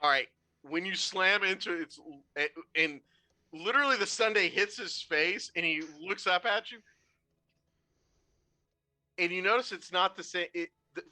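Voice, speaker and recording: A game master narrating a tabletop game in an animated, laughing, loose way. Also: medium pitch, moderate pace.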